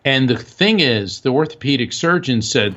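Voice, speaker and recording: A man being interviewed as a guest author, telling an animated anecdote that is full of fillers and restarts. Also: mid-range voice, normal speed, dull audio. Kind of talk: storytelling interview.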